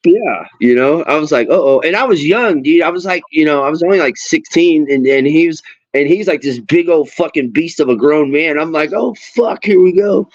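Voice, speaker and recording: A middle-aged man hosting a casual chat while fishing, an animated storyteller who swears freely and acts out the people in his stories. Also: fairly high pitch, brisk, no room sound. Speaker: host. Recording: dull lo-fi sound.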